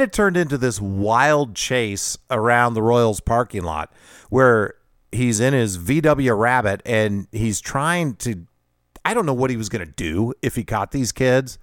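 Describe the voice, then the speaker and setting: A middle-aged podcast host tells a personal story in a conversational, self-deprecating way, laughing often. His medium-pitched voice has lively intonation and an unhurried pace. The sound is clean studio audio with no room sound.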